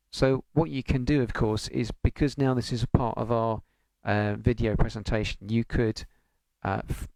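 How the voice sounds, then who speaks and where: A man's voice: mid-range voice, creaky, darkish tone, dry recording. A man teaching an online piano lesson, patiently counting beats aloud and singing rhythm syllables.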